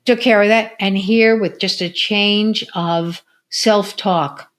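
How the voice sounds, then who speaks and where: A woman's voice: mid-range voice, slow pace. An older woman, a retired physical therapist, telling stories in a casual interview and acting out the voices of people she quotes. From United States. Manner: animated storyteller who acts out quotes.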